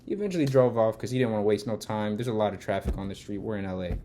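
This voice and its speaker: A man's voice: fairly low pitch, racing, slight background noise. A man vlogging a casual storytime rant, swearing and getting heated as he tells it. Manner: heated, swearing, gets loud when retelling the argument. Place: Los Angeles.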